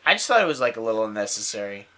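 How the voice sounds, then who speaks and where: Rambling young man, lively bright voice. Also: fairly low pitch, racing, a little hiss or hum. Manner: rambling, enthusiastic, lots of "like" and "dude". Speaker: podcast co-host. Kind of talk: casual film review chat.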